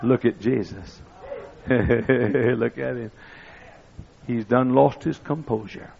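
An older man preaching a sermon, telling folksy stories that build up to excited shouting. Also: medium pitch, slow, vocal fry. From East Texas. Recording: dull lo-fi recording.

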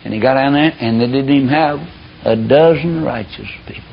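A man's voice: medium pitch, brisk, gravelly, slight background noise. A man preaching a sermon, telling the story in a folksy, fiery way. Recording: dull lo-fi recording.

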